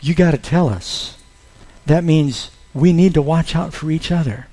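A man's voice: a little high, mellow. A man preaching a sermon as pastor, telling stories and acting out the lines he quotes in a raised voice.

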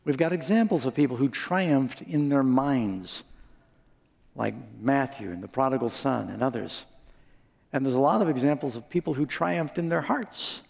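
A man's voice: medium pitch, moderate pace, vocal fry, a little mellow. A man preaching a sermon, telling stories with dramatic voices for the people in them and asking the congregation for amens. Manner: dramatic storytelling, acts out quoted voices, asks the crowd for amens. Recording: long hall reverb.

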